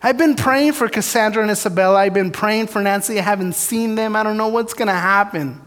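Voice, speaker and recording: Briskly, in a high and slightly bright voice, a preacher relates his testimony from a church sanctuary, the large hall echoing long. His storytelling sermon is candid and self-deprecating, and he plays out his prayers and the dialogue himself.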